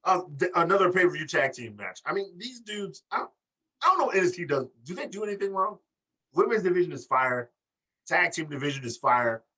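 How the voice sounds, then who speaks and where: A man's voice: high voice, sing-song, fairly quick, sharp tone, slightly rough, distant mic. A man co-hosting a casual wrestling podcast, tipsy and rambling, joking and laughing as he talks. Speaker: podcast co-host.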